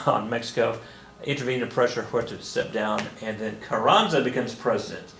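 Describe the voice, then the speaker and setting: Male history teacher, bright voice, digressive and self-correcting, recorded in an echoey room. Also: medium pitch, normal speed, creaky, slight background noise. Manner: rambling, self-correcting, joking asides. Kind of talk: recorded classroom lecture. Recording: roomy echo with faint ambience.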